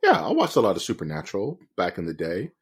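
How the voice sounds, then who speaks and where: A man's voice: sits low, wildly swooping pitch, fast, breathy edge. A man co-hosting a podcast in casual chat, teasing and slangy, calling his friend dude and dog. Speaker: podcast co-host.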